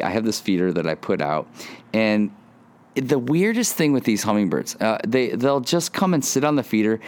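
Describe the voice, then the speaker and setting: A man in his forties hosting a casual devotional podcast from his front porch, chatty and excitable with lots of restarts. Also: lowish voice. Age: 40s. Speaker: podcast host.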